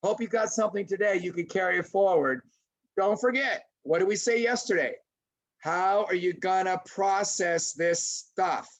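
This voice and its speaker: A middle-aged man presenting a lively webinar lecture to teachers, acting out little scenes as he goes. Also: high voice, measured pace. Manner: animated, acts out little scenes in voices. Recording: dull lo-fi webinar audio.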